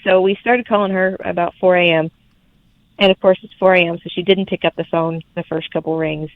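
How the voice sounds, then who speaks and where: A young woman, telling her birth story as a podcast guest in lively, laughing casual chat. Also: on the low side, brisk, no room sound. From Alabama, USA. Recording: tinny phone-like remote line.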